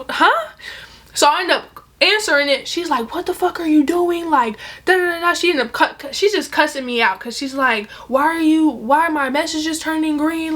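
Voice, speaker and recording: A young woman telling a casual storytime, animated and profane, acting out the other people's lines in bursts. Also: a little high.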